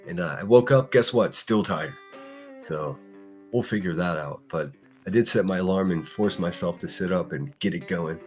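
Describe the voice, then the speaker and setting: A man hosting a casual morning livestream, ranting bluntly with lots of swearing, breaking into laughs and reading chat. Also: low voice. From Pittsburgh area. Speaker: livestream host.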